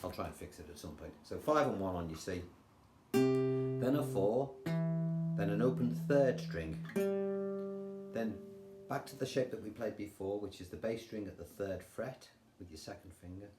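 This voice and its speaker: An older man with an English accent, teaching guitar in a chatty, relaxed way and counting rhythms aloud. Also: on the low side, normal speed, pauses often. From England. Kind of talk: casual guitar tutorial. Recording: roomy sound with guitar playing.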